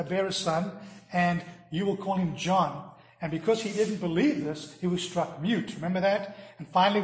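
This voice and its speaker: A man preaching a sermon, earnest, swinging from loud emphasis to hushed tones. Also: high voice, roomy sound. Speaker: pastor. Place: church.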